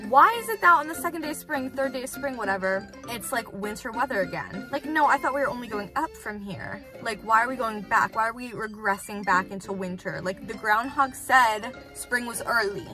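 A woman's voice: a little fast, hardly any pauses. Bubbly young woman chatting to her phone, self-deprecating, faint music under. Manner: rambling, bubbly, self-deprecating, sing-song swings in pitch. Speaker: vlogger. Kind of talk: casual vlog chat. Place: home and car. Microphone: phone camera.

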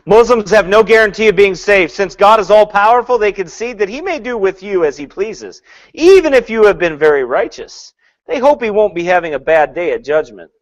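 A male preacher with a fairly high voice delivers a sermon. He swings from loud bursts to hushed asides and laughs often. He mocks what others say with put-on quotes. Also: lively intonation, brisk.

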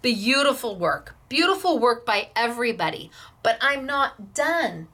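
A woman's voice: on the high side, very animated, unhurried, a bit bright. A woman hosting a craft class, gushing with admiration over viewers' handmade projects.

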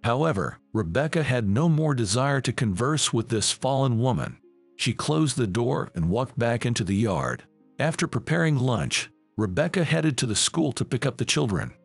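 A male narrator reading a scripted family drama in an even, measured way. His voice is gravelly and husky, with a lively rise and fall in pitch. The recording is dry and close, with faint music underneath.

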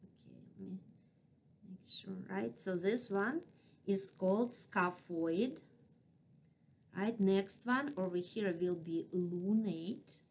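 Accented woman anatomy teacher, measured slow delivery, patient check-ins. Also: medium pitch, darkish tone. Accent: non-native English. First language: not English. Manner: patient, checks in with frequent "right?". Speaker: anatomy instructor. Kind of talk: classroom lecture.

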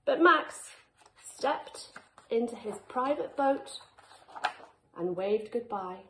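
Slow, expressive woman reading to children. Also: fairly high pitch, background noise. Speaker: teacher. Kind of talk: reading a picture book aloud to children. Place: school classroom. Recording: echoey room.

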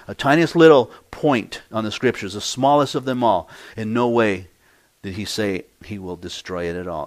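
Emphatic male pastor preaching a sermon. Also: mid-range voice. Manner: emphatic preaching, swinging from hushed to loud. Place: church.

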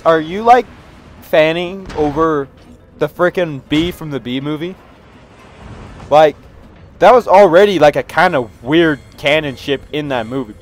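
A man giving excitable reaction commentary to memes, with loud outbursts and frequent laughter. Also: a little high.

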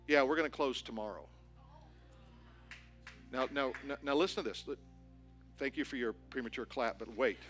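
A man preaching a sermon as pastor, telling a story with animated, building excitement. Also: mid-range voice, normal speed, pauses often, soft background music. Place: church auditorium.

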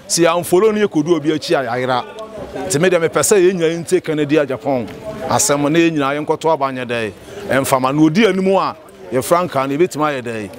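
A man giving an impassioned street interview outdoors, rising to excited pleas. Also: on the high side. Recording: outdoor crowd noise. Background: crowd chatter.

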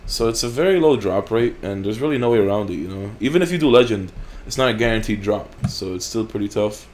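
A man's voice: lowish voice, lively intonation, quick pace, a little mellow. Profane, blunt gaming-channel man. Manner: profane, blunt, frequent swearing. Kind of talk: casual gameplay commentary.

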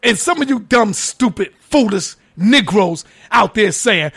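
A man giving a heated, profane preaching-style lecture, mocking his critics and often shouting for emphasis. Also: extremely high pitch, lively intonation, measured pace. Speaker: religious lecturer.

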